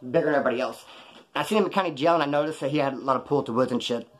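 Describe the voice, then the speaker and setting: A middle-aged man from California, telling a casual, profane story about his past in and out of prison. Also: mid-range voice. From Bakersfield, California. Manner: rapid, profane, animated, acts out others' lines. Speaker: former prisoner telling stories.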